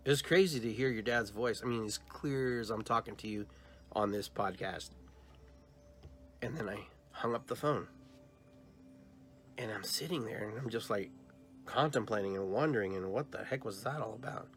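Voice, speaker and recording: A male podcast host telling a dream story in a lively way, acting out the dialogue he quotes. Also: fairly low pitch, moderate pace, long pauses, soft background music. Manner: animated storyteller who acts out quoted dialogue.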